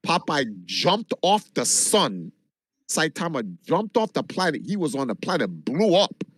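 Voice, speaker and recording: A man from Jamaica, a livestreamer, telling a long story in an animated, casual way and swearing freely. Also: on the high side, unhurried, no echo. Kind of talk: casual chat.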